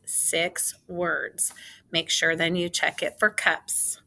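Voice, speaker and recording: A woman teacher giving a phonics spelling lesson for young children, sounding out each word slowly and deliberately. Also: lowish voice, fairly even intonation, sharp tone. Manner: slow, deliberate, sounding out words. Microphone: recorded for a video lesson.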